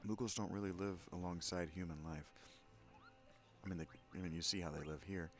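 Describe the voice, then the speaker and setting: A man's voice: deep voice, fairly even intonation, a little fast, soft background music. A man playing through a video game, chatting and cracking crude, self-mocking jokes. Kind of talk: casual let's-play commentary.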